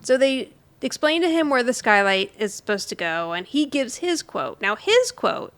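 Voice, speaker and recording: Woman, podcast co-host, casual chat, chatty, somewhat high voice. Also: sing-song, moderate pace, a bit bright. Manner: chatty, laughs often, retells scenes in quoted voices. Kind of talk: casual chat recapping a sitcom.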